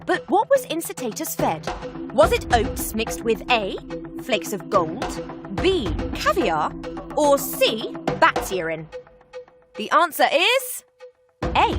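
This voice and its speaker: A woman presenter reading scripted quiz narration in a playful manner. Her voice is high and very lively, and loud music plays behind her. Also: slow pace.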